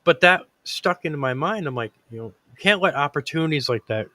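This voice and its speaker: A man's voice: a little high, expressive, fairly quick, pushed and bright, dry recording. Earnest, rambling man host, dry sound. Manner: earnest, rambling with many fillers and restarts. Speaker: podcast host. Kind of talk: casual chat.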